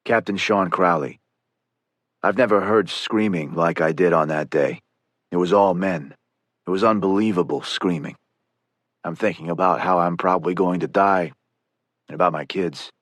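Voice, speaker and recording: A man's voice: sits low, moderate pace, long pauses, dry recording. A man giving a somber first-person reading for an audiobook. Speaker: audiobook reader.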